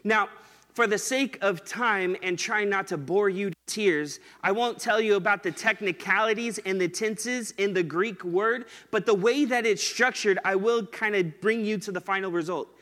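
A man preaching a sermon in a casual, conversational way, slowing down and stretching words to stress them. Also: high-pitched, bright, forceful tone, long reverb tail. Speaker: pastor.

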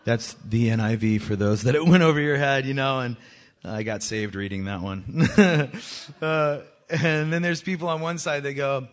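A man with children, a worship leader giving a joking testimony talk to a church that rises into loud, urgent exhortation. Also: mid-range voice, normal speed. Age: adult with children. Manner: joking, self-mocking, often laughing.

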